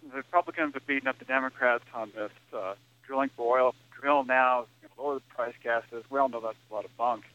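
A man calls in to a radio show and thinks aloud in an earnest way, often restarting his sentences. His voice is bright and forceful. The phone line makes the audio dull and muffled. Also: medium pitch, fairly even intonation, quick pace. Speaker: caller. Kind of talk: phoned-in talk radio call.

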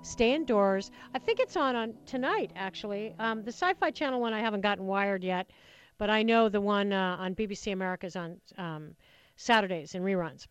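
A woman hosting a talk radio show, chatty and enthusiastic, with quick asides, speaking into a studio microphone. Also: medium pitch, clean tone, no room sound, dull audio. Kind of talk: talk radio chat with callers.

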